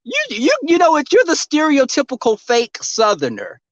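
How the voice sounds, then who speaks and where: Out in the cold, a Southern-drawling Texan livestreamer delivers brash, profane, sassy ranting commentary. His voice is very high with huge pitch swings at a normal speed, captured with no echo in a dull, dry recording.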